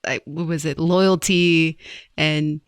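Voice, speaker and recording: A co-host of a pop music news podcast who brings up each headline and talks it over, often stopping and restarting mid-sentence. The voice sits at a middle pitch. The sound is dry and close. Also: steady tone, clean tone, dry recording. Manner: halting, many restarts. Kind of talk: casual chat.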